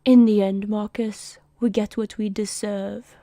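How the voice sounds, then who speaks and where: A woman's voice: medium pitch, little pitch movement, a little slow, dark tone, no echo, close to an everyday voice. A woman voicing a grim, resolute male rebel leader.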